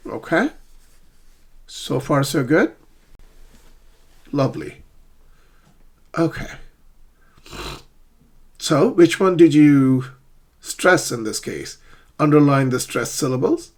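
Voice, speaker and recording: Man, English teacher, online lesson, lively pitch swings, husky tone. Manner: checks in often with the learner, drills words slowly.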